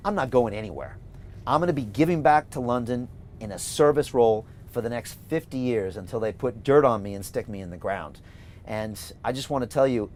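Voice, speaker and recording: A man's voice: medium pitch, a little mellow. Man, American accent, middle-aged, livestream host, reads viewer comments, emphatic, rallying, repetitive. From California, USA. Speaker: host and mayoral candidate. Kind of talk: livestream reading viewer comments, campaign pitch.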